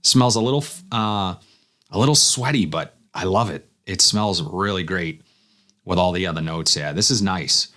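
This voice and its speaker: A man's voice: deep voice, normal speed, sharp tone. A man casually reviewing fragrances, thinking aloud as he smells each one. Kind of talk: casual first-impressions review.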